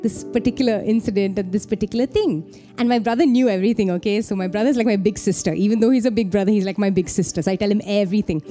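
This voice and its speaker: Warm, chatty young woman telling a story. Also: medium pitch. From India. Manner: chatty, heartfelt, peppered with "like" and "you know". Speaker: storyteller sharing a personal testimony. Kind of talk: casual personal storytelling.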